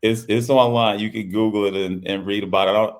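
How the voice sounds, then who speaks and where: A fast-talking middle-aged man from Louisiana, a basketball coach with a lowish, steady voice, relates a personal story in an interview. He comes across as earnest, repeating his phrases and acting out quoted speech.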